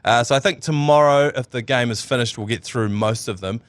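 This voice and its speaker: A man with a New Zealand accent hosts a casual sports podcast, speaking a little fast in a mid-range voice with no room sound. He rambles and jokes, laughing often.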